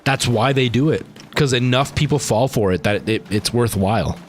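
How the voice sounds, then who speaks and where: A man's voice: mid-range voice, normal speed, a little hiss or hum. Tired, chatty man streaming. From Canada. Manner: rambling, chatty, talking to chat while playing. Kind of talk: casual gaming stream chat.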